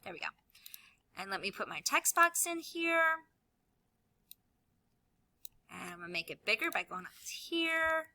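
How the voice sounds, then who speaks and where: A woman teacher walking children through a tutorial in a sing-song voice, now and then dropping to a soft whisper. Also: high-pitched, sing-song, measured pace, pauses often. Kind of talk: screen-recorded classroom tutorial.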